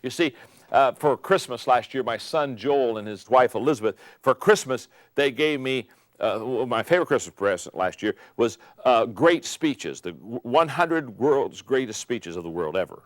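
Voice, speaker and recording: An older man giving an emphatic motivational talk on leadership, repeating key phrases and building to loud peaks. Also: mid-range voice, expressive, moderate pace, no echo, clean studio sound. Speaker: speaker on leadership.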